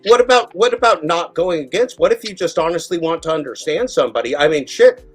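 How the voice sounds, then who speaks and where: A man's voice: on the high side, expressive, brisk, slightly rough, faint music behind, poor audio. A man hosting a live stream, ranting heatedly and swearing, mimicking the people he criticizes. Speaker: show host.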